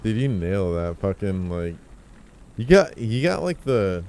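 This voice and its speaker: A man streaming a game, chatting casually in a rambling, profane, excitable way. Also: on the low side, measured pace, slight background noise. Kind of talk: casual gaming stream chat.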